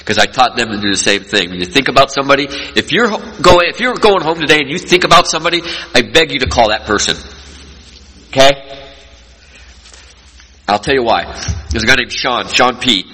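Husky middle-aged man speaking in a hall. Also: mid-range voice, lively intonation, a little fast, long pauses. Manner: earnest storytelling, swings between loud and quiet. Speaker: recovery speaker. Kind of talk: personal testimony speech to an audience. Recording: long reverb from a large hall.

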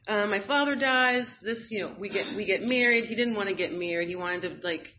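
A woman's voice: mid-range voice, brisk. A woman in the middle of her voice recounts her own story with frank, wry candor and easy fillers. The audio is a bit dull and muffled, with a faint hiss beneath her. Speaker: guest sharing a personal story. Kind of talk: candid personal storytelling.

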